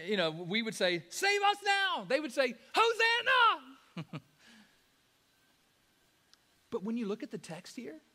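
A pastor preaching a sermon, swinging from soft, quiet stretches to loud, ringing rises and talking casually to his listeners as "guys". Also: sits high. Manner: conversational, addresses listeners as guys.

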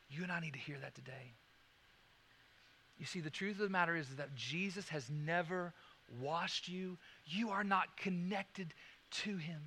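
Bright, high-voiced preacher man. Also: big-room sound, slight background noise. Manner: dramatic swings from loud emphasis to hushed, slow delivery; repeats key phrases for emphasis. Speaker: pastor. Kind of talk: sermon.

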